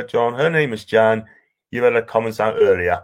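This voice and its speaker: A man with a broad North East English accent chats loosely on a live stream, warmly reading out his viewers' comments. His voice sits a little low, and his talk drifts from one point to the next in a friendly, rambling flow. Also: animated, normal speed. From North East England. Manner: rambling, chatty, affectionate with viewers. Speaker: livestream host.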